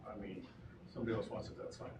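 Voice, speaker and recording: A man's voice: fairly low pitch, flat delivery, racing. A man, a school board trustee, speaking hesitantly and easygoing in a meeting. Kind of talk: casual meeting talk. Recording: dull, echoey, far mic, noisy.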